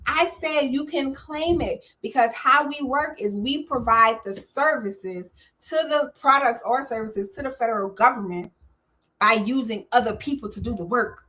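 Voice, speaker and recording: A bright, forceful woman hosts a live call-in stream and speaks straight to her audience. She talks with energy and emphasis, and her voice sits a bit high for a woman. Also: moderate pace. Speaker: host of a call-in show on government contracting.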